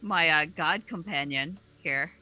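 Easygoing woman at the table, bit hesitant, bright clear tone. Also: deep voice, a little slow, poor audio. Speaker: player. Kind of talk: casual tabletop play.

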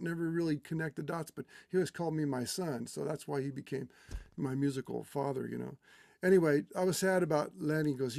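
Gravelly man sharing a gentle memorial story. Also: a little high, no echo, studio quality. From California. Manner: halting, with many restarts and fillers, growing quiet and tender. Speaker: guest speaker at a memorial. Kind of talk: heartfelt personal remembrance.

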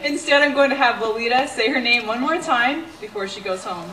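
A woman's voice: fairly high pitch, brisk. A woman bird show trainer, bubbly and teasing, talking to a live audience. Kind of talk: live stage patter with audience. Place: outdoor bird show amphitheater. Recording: distant mic, echo, loud crowd and noise.

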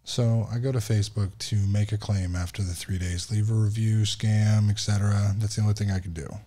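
Frustrated man telling a story, dark voice. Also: fairly low pitch, fairly even intonation, brisk. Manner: frustrated, profane, quotes other people in dialogue. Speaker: podcast host. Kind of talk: casual storytelling.

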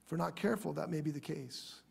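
Husky high-voiced man preaching a sermon. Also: quick pace. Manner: earnest, drops to soft prayerful tones. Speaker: pastor. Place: church.

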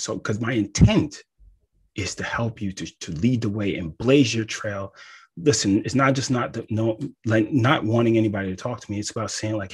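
A man, an astrologer, explaining in a casual, animated way, often checking in with "right?". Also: lowish voice, normal speed, breathy edge. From United States. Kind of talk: casual teaching talk.

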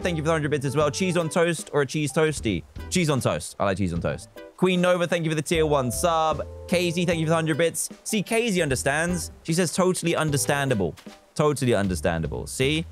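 Chatty man hosting a game stream. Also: on the high side. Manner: chatty and playful, thanking viewers between bits of play. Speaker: livestream host. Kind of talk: casual live game-stream chat.

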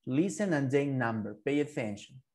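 A man's voice: mid-range voice, lively intonation, moderate pace, a little mellow. A man whose first language is Spanish, teaching English to a child over a video call, patiently repeating and drilling words. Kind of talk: online English lesson for a child.

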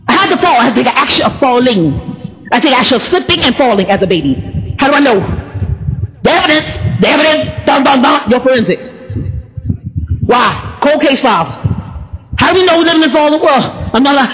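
Woman preaching in a reverberant hall. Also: sits high. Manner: animated, bursts into shouts, scats "ba ba ba"; laughs between points, talks to the crowd. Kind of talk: sermon. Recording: long reverb of a large hall.

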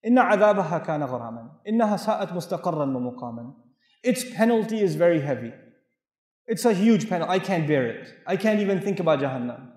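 Fast, high-voiced man preaching in a hall. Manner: animated, rhetorical questions, recites Arabic verses. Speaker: Islamic lecturer. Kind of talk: sermon. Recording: echoey hall with long reverb.

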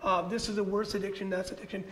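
A man's voice: high-pitched, flat delivery, quick pace, a bit bright, poor audio. A man, a pastor, sharing church teaching in an earnest, conversational way and often saying "you know".

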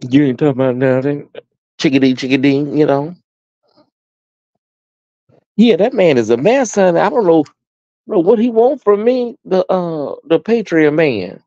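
A man's voice: a little high, lively intonation, unhurried, pauses often, mellow, no echo, dull audio. A man with an American accent hosting a casual live stream, chatting sassily with his viewers and calling them honey and baby. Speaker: host.

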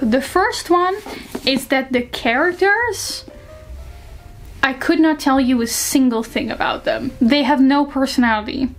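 A young woman talking casually and frankly into the camera, reviewing books in a chatty way full of fillers. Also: on the high side. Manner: chatty, frank, lots of fillers like "like" and "you know". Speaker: book reviewer. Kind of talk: casual book review vlog.

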